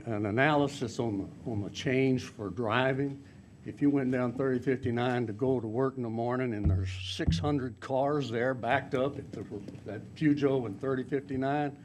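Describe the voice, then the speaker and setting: A man's voice: medium pitch, unhurried, noisy background. A middle-aged man, giving blunt, emphatic public comment at a zoning meeting. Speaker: resident speaking at public hearing.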